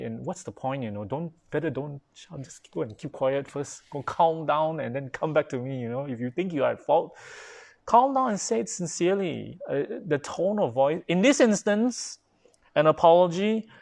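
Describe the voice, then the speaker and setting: A man's voice: medium pitch, gravelly. Man, Buddhist pastor, informal live-stream dharma talk, chatty, fillers and restarts, mid-range voice. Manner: replies to viewer comments as he goes.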